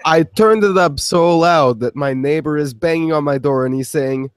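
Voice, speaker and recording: A man's voice: fairly high pitch, moderate pace, clean tone. A man chatting casually on a livestream, teasing with playful exaggeration. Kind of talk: casual chat.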